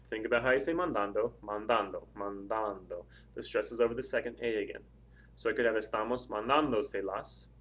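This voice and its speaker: A man and Spanish teacher, giving a recorded lesson and slowly repeating words to model their pronunciation. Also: medium pitch, fairly bright tone.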